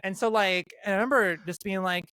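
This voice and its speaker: A woman's voice: medium pitch, fast talker, a bit bright, clean tone. A trans woman co-hosting a podcast, chatting casually, swearing often and restarting her sentences a lot. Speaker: podcast co-host. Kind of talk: casual chat.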